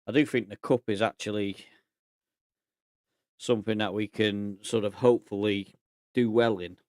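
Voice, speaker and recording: A man casually commentating on his management game, thinking aloud in a relaxed, chatty way. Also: fairly low pitch, normal speed, dry recording, clean studio sound. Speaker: gaming YouTuber.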